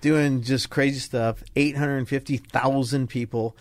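Speaking in a medium-pitched voice at an unhurried pace, this retired Navy fighter pilot recounts stories as a podcast guest, with no room sound on the recording. The older man is an animated storyteller who acts out quoted voices during the casual interview.

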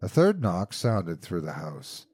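A man hosting a horror podcast, narrating a classic ghost story in a measured, suspenseful way. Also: sits low, huge pitch swings, a little mellow, husky, dry recording.

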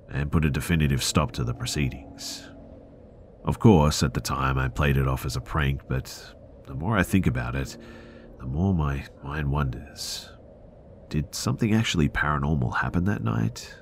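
A man with an extremely low, deep voice reads first-person horror stories aloud, measured and earnest. A faint hiss sits under his narration. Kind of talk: scripted narration of listener stories.

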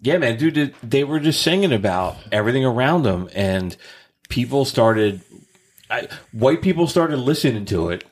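A man's voice: mid-range voice, expressive, normal speed. A man hosting a podcast in casual chat, laid-back and peppering his talk with "dude" and "man". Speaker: podcast host.

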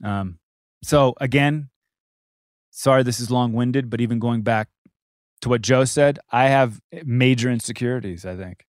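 A man co-hosting a podcast in casual chat, animated and laughing often, repeating words as he gets going. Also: medium pitch, normal speed, dry recording, studio quality. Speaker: podcast co-host.

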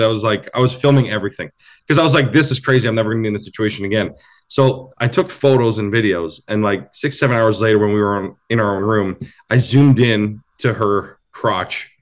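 A young man, a guest who is a new father and comedian, chatting casually and telling animated stories with plenty of swearing. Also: fairly low pitch. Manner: animated storytelling, swears freely. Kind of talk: casual podcast chat.

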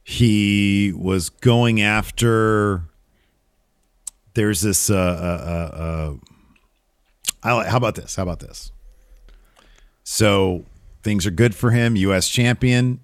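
Guy with a lowish voice chatting wrestling, rambly, jokes around, dead dry sound. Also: slow, dry recording. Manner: rambling, jokey, many fillers. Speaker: podcast co-host. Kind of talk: casual wrestling recap chat.

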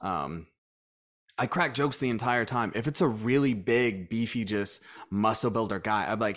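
A gym owner appears as a guest in a casual interview, speaking at a medium pitch and moderate pace. He's an animated storyteller who acts out the quoted lines of the people in his stories.

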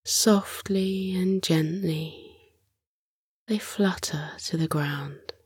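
A woman narrating a children's sleep meditation in a soft, breathy whisper, slow and soothing. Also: on the low side, dry recording, clean studio sound. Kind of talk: whispered bedtime story narration.

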